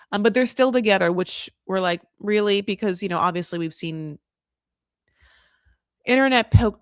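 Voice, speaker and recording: A woman's voice: medium pitch, dry recording, studio quality. An American woman recapping a reality show in a chatty, sarcastic way, full of asides and restarts. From United States.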